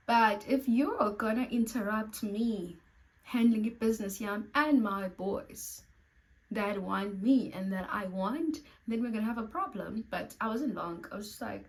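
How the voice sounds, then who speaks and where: A woman's voice: fairly high pitch, moderate pace, darkish tone, rough recording. A young South African woman from Cape Town tells a storytime vlog casually, bluntly and with lots of animation, swearing and acting out what people said. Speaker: storytime vlogger.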